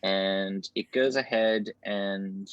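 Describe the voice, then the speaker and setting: A man's voice: low voice, steady tone, slow, clear, resonant tone, dry recording, muffled recording. A man running a tabletop game as game master, narrating combat vividly over a video call.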